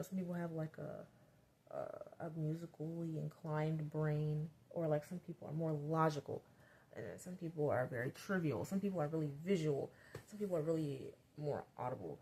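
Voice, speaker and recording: A woman's voice: on the low side, breathy edge. A woman vlogger telling a childhood story in a casual, chatty way, rambling with lots of fillers. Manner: chatty, rambling, many "like"s, grows animated.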